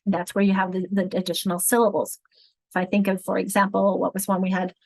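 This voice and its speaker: A woman's voice: medium pitch, little pitch movement, quick pace, creaky, darkish tone, no room sound, poor audio. A woman leading a teacher-training session on reading, explaining patiently and checking in with rhetorical questions. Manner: explanatory, counts words aloud and asks rhetorical checks. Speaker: literacy trainer.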